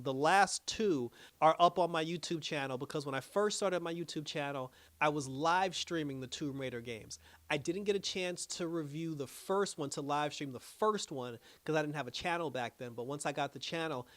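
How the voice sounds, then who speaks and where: A young man giving a casual, animated review on his own channel, laughing often and restarting his sentences. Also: on the high side, moderate pace. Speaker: YouTube reviewer.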